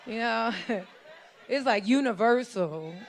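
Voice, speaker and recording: Animated woman doing stand-up comedy. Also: on the high side, slow pace, music in the background, crowd noise. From New York, USA. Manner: animated storytelling with frequent laughs. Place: live show in a church venue.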